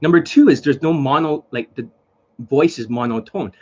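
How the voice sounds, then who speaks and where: A man with a fairly high, warm voice and a breathy edge speaks at a normal speed, recorded with lo-fi sound. Talking casually to the camera in a home video, he plays the dating coach, lecturing bluntly, repeating himself and swearing under his breath.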